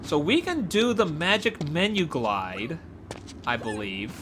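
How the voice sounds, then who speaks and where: A woman gives excited gameplay commentary, often gasping and exclaiming as she explores. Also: low voice, slow pace, noisy background. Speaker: gameplay video creator.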